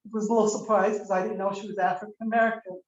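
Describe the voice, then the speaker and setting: A woman's voice: mid-range voice, flat delivery, racing, darkish tone. An older woman giving a eulogy as the mother-in-law, telling a rambling, candid story and acting out the quoted dialogue. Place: memorial service room. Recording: roomy, muffled video-call audio.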